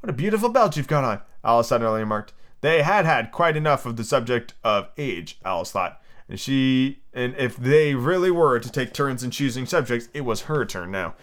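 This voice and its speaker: A man's voice: mid-range voice, animated, normal speed, fairly bright tone. A tipsy man hosting a podcast, reading a book aloud in a casual, stumbling way with restarts. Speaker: podcast host.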